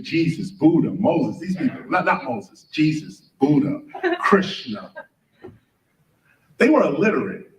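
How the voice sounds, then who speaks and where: A man lecturing an audience, firing questions and spelling out words letter by letter, heard from a distance in a large room. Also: sits high. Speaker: speaker. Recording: roomy, from a distance.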